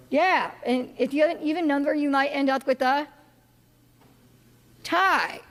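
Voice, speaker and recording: Chatty high-voiced woman lecturing. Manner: chatty, many fillers and restarts, asks the audience questions. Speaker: political science instructor. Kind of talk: casual classroom lecture. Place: classroom or lecture hall. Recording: long hall reverb.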